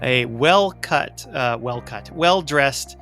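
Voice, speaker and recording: A man running a tabletop game as game master, describing scenes haltingly with many fillers. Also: mid-range voice, animated, pushed and bright, soft background music.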